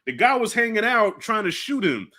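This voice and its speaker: A man hosting a casual movie review, animated and profane, acting out lines from the film. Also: high-pitched, moderate pace. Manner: animated, swears freely, acts out lines from the film. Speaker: channel host.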